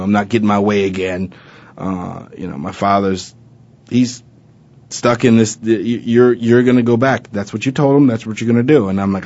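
A man from Arizona tells a personal story with animated energy, playing out old conversations and filling his pauses with "uh" and "you know". His voice sits somewhat low, and the recording sounds slightly muffled. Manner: animated retelling, acting out past dialogue with many fillers. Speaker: former college football player.

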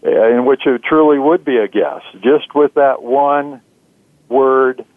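A man, an author being interviewed, answering in a measured way with frequent "uh" fillers. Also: medium pitch, dry recording. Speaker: author and guest. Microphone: phone. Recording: tinny dry phone line.

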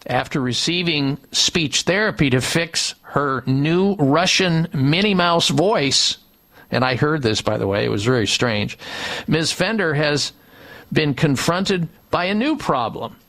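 A man's voice: on the high side, animated, a bit bright. A man hosting a radio health show, reading ad copy and chatting about a medical story. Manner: reading ad copy, repeating phone numbers slowly. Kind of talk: radio talk with read ads.

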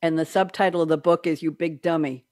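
Chatty woman host, low voice. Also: steady tone, fast talker, darkish tone. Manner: chatty, digressive, laughs often. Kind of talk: casual chat on a video call. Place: home desk. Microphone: desk microphone on a video call.

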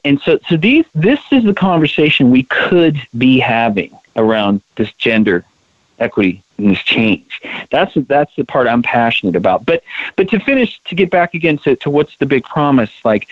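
In a conversational interview over a tinny, dry phone line with no room sound, a male guest who co-founded a women's leadership project sounds very animated. His mid-range voice moves at a moderate pace, earnest and emphatic, with repeated words as he restarts sentences.

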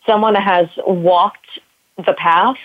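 A woman's voice: mid-range voice, fairly even intonation, slow pace, no room sound, phone-quality sound. A woman guest and spin instructor, talking bluntly with plenty of swearing about tough love and self-worth. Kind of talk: candid interview conversation.

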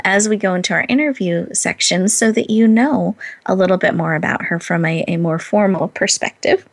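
A woman hosting an interview podcast, gushing and enthusiastic, laughing often. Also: mid-range voice. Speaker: podcast host.

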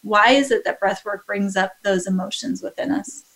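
A woman's voice: mid-range voice, normal speed, a bit bright. A woman co-hosting a casual chat on a video call, talking earnestly and openly with many hesitations.

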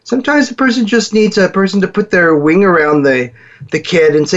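A man hosting a show, telling a story in a lively way and acting out the voices of the people in it. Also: high-pitched, a little fast, dull audio. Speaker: host. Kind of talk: storytelling talk.

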